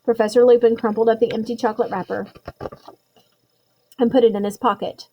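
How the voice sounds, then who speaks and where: A woman narrating a storybook chapter in a measured, suspenseful way. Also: a little high, flat delivery, warm tone, slight background noise, rough recording. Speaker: audiobook reader.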